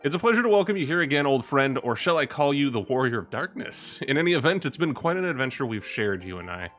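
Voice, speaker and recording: A man's voice: medium pitch, very animated, fast talker, fairly bright tone, faint music behind. A man reading as a courtly minstrel. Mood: reflective. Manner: reads ornate in-game dialogue aloud. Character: courtly male minstrel, wise and gentle.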